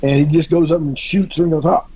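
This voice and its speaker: A man's voice: fairly high pitch, fairly even intonation, quick pace, breathy edge, dull audio. A man in a casual podcast discussion, talking hesitantly with many fillers and restarts.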